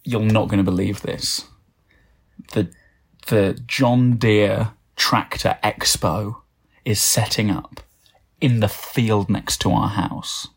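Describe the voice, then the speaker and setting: A cheerful mother announces big news to her son, stressing every word. The voice is low and gravelly, as a man telling the story plays her. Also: steady tone, slow, full character voice. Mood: excited.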